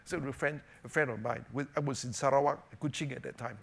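A man preaching a sermon as pastor, animated, moving between emphatic raised lines and quiet asides, often checking in with "you know" and "right?". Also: medium pitch, fairly quick, creaky, slightly rough. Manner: frequent "you know" and "right?" tag questions.

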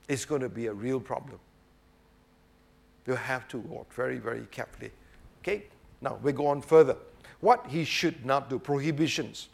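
In a mid-range voice with vocal fry, a man preaches a sermon. He's emphatic and rhetorical, repeatedly checking with the audience by asking "right?" and saying "obviously."

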